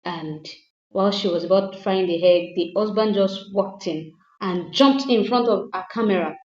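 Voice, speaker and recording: A woman's voice: medium pitch, moderate pace, a little mellow. A woman recapping a movie casually, retelling scenes dramatically with moralizing asides. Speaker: movie reviewer. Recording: roomy, dull lo-fi sound.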